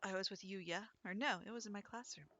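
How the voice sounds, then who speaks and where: A woman's voice: medium pitch, a little fast, fairly bright tone. A young adult woman chatting casually over a game, rambling into stories. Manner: chatty, rambling anecdotes with acted quotes. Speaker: let's play streamer. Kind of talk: casual gameplay commentary.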